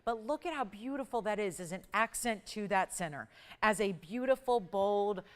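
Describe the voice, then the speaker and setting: A woman hosting a live jewelry shopping show, pitching pieces and counting prices down in an upbeat sales patter. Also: lively intonation, normal speed. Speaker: shopping channel host. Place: TV studio.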